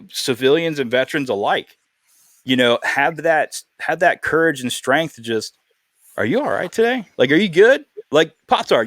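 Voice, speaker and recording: A man's voice: medium pitch, a bit bright, no echo, studio quality. A man hosting a podcast, talking in a casual, earnest way and telling a heartfelt story. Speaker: podcast host.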